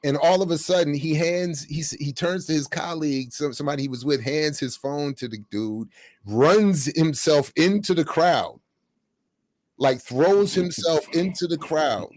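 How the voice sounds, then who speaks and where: A man's voice: fairly high pitch, normal speed, no room sound. Middle-aged man telling stories, dry sound. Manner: animated, acts out quotes while telling stories. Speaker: podcast host. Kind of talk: casual storytelling discussion.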